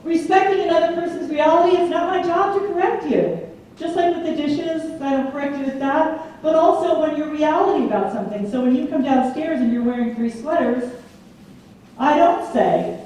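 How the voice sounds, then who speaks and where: A woman speaking at a lecture in a mellow, fairly high voice, telling lively stories and acting out the voices she quotes. She is heard from a distance in a very echoey hall with a faint hum behind her. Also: normal speed. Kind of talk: public lecture. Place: large community hall.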